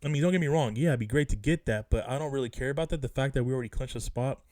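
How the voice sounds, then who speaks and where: A man's voice: mid-range voice, very fast, a little mellow, no echo. A man venting as a sports fan vlogger, speaking emphatically and repeating himself in a casual, frustrated rant. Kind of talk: casual rant about a basketball game.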